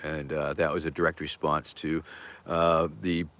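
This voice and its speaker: Middle-aged man, very low voice, dry close sound, rambling and halting, playful jester humor, casual livestream chat. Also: little pitch movement, a bit bright, no echo. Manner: rambling, halting, many fillers and restarts. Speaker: host. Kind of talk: casual livestream chat answering viewer questions.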